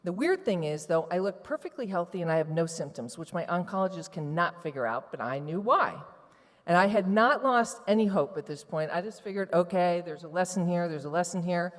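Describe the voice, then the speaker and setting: A woman giving a candid, emotional personal testimony to a live audience from a stage. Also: lowish voice. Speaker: retreat participant giving testimony. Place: large event hall on stage. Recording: long hall reverb from a live venue.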